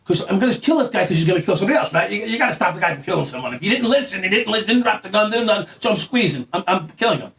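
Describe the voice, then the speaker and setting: A man's voice: sits high, animated, racing, hardly any pauses, a bit bright, far from the mic. A man telling a long story in casual chat, acting out quoted lines, swearing and laughing as he goes. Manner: acts out quoted lines in a raised voice. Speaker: guest.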